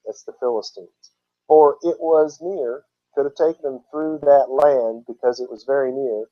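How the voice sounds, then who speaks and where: A man's voice: mid-range voice, normal speed, muffled recording. A man teaching from scripture who reads passages aloud and breaks in with casual explanations. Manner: explains terms with casual asides. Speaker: Bible teacher.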